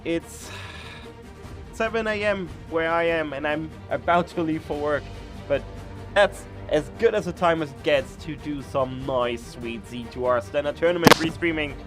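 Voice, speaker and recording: A man's voice: fairly high pitch, moderate pace, faint music behind. Upbeat male stream host. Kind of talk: casual stream intro.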